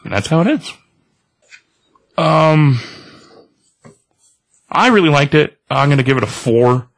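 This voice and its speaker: A man's voice: on the high side, lively intonation, a little slow, vocal fry. A man casually retelling and reviewing a comic book, with many fillers along the way.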